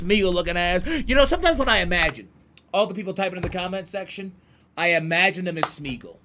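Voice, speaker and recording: A man streaming a horror game live, excitable and profane, chatting with his viewers in slang and breaking into shouts. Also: high voice, brisk, slight background noise. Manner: slangy banter with chat. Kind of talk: live horror gameplay commentary.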